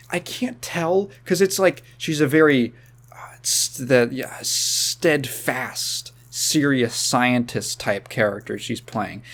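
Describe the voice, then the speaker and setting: A young man chats casually on a podcast, his voice sitting a little high for a man. He rambles, circles back on himself and fills the gaps with ums and likes, chuckling now and then. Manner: rambling, with frequent fillers and restarts. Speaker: podcast host. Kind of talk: casual chat.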